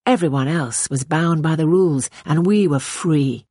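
A woman narrating a novel in the first person, in a measured, intimate reading style. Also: low voice, warm tone, breathy edge, no echo, clean studio sound. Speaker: audiobook narrator. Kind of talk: scripted narration.

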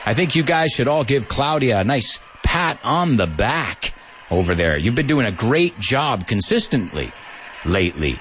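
A man's voice: mid-range voice, big pitch swings, normal speed, a bit bright, a little hiss or hum. A man teaching an English lesson in an upbeat, joking way, spelling words out letter by letter and slipping in Spanish translations. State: out of breath. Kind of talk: live-stream English lesson.

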